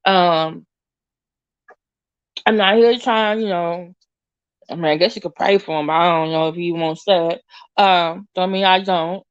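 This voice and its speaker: A woman's voice: fairly low pitch, fairly even intonation, measured pace, long pauses, clear, resonant tone, highs cut off. A woman hosting an online audio chat room, talking casually and slangily straight to her listeners. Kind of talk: casual live-audio commentary.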